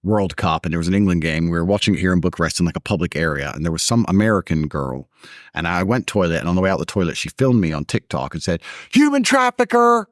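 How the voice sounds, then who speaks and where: A man's voice: deep voice, quick pace, dry recording, clean studio sound. A man in a casual conversation, telling stories in a blunt, combative way. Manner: animated storytelling, blunt and combative. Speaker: interview host.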